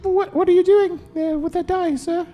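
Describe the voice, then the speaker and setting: A man's voice: very high-pitched, steady tone, normal speed, dull audio, faint music behind, voice pushed up. A man voicing a young mermaid bound by her tail who pleads for help in a tabletop game. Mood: pleading.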